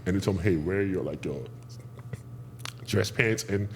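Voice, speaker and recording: A man talks as a guest on a podcast, acting out the people in his stories. His voice sits a bit low, and he tells a tale with lively energy. A faint background noise runs under the recording. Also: normal speed. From Nigeria. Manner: lively, animated storyteller acting out quoted voices. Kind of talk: casual interview storytelling.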